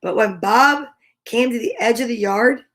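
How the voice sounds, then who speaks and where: A woman's voice: a little high, measured pace, fairly bright tone. A woman hosting a storytime, reading a picture book aloud in a playful way with comic asides. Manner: playful, chuckling at her own reading. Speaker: storytime host.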